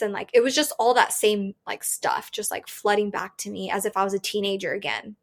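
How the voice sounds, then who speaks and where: A woman's voice: medium pitch, brisk, creaky, few pauses, fairly bright tone. A woman in her thirties telling a personal story as an interview guest, candid and chatty, often saying "like" and laughing.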